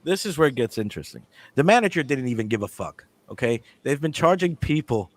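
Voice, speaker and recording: Man, casual storyteller, profane, animated, mid-pitched voice, dry close sound. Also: fairly quick, no room sound. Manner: animated, profane, acts out the dialogue. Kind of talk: casual storytelling among friends.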